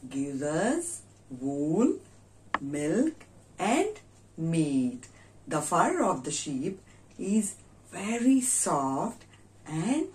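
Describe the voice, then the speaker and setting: A woman teaching a children's lesson in a slow, sing-song teacher voice. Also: sits low.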